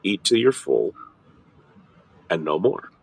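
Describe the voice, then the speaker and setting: A middle-aged man hosting a casual ministry chat, explaining in a lively, halting way with frequent restarts. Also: creaky, breathy edge. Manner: animated, repeats and restarts words, jumps into high mock voices. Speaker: ministry host.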